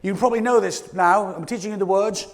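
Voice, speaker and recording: British male keynote coach, high, gravelly voice, playful and punchy, long hall reverb. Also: a little fast, faint music behind. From Britain. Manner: energetic, playful, audience call-and-response. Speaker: leadership coach, keynote speaker. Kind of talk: motivational keynote talk. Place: conference stage before an audience.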